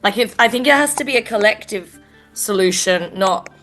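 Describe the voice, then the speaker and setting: A woman's voice: mid-range voice, moderate pace, fairly bright tone, soft background music. A woman playing a tabletop game, reasoning aloud in a thoughtful, hesitant way. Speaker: player. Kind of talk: casual tabletop chat.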